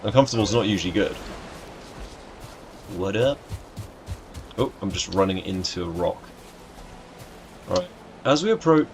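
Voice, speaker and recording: A man's voice: on the low side, expressive, moderate pace, vocal fry, pauses often, music in the background. A young man chatting casually to his live chat as he streams a game, greeting viewers by name and joking around.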